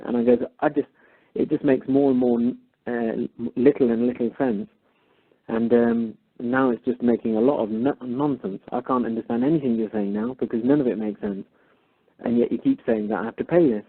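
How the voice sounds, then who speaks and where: Husky man over a phone line. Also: mid-range voice, a little fast. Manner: animated, acts out both sides of the dialogue. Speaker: caller. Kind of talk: retelling a phone call.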